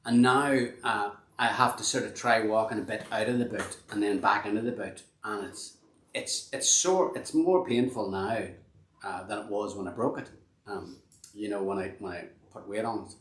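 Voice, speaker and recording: A man's voice: on the low side, a bit bright. A man hosting a casual live-stream chat, rambling and self-deprecating with many restarts. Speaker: host and band member. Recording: echoey room.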